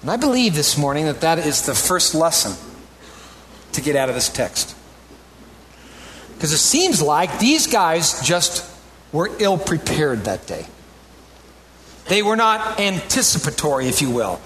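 A man delivers a sermon in a somewhat raised, animated voice, climbing to emphatic peaks before dropping into easy conversational asides with his congregation. A faint room ambience sits behind him. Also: fairly high pitch, measured pace, pauses often, a little hiss or hum. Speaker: pastor.

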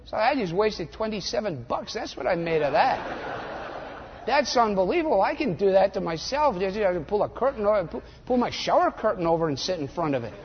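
Older guy preaching, lively and sarcastic, does little voices, echoey hall. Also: high-pitched, brisk, a little hiss or hum. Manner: animated, sarcastic, mimics voices. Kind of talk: sermon. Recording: dull lo-fi audio in a reverberant hall.

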